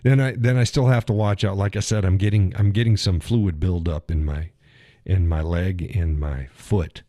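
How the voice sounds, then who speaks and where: A man's voice: low voice, steady tone, moderate pace, dark tone, dry recording, clean studio sound. A man hosting a live stream, rambling through a chat while recovering from a leg injury, swearing and chuckling as he tells stories. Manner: rambling, profane storytelling with chuckles. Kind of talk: casual chat reading viewer comments.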